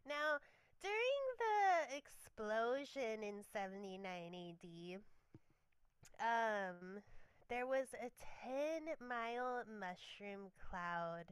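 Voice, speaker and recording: A young woman co-hosting a podcast, sharing researched facts in a relaxed, chatty way with lots of fillers. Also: a little high, very slow, smooth, no room sound. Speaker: podcast co-host. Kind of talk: casual chat.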